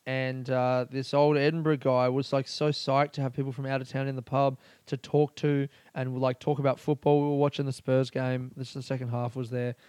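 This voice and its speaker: A man's voice: mid-range voice, level tone, fairly quick, few pauses, a little mellow, clear, resonant tone, dry recording. A man hosting a casual solo podcast, rambling and swearing freely as he talks. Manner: rambling, profane and laughing. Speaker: podcast host.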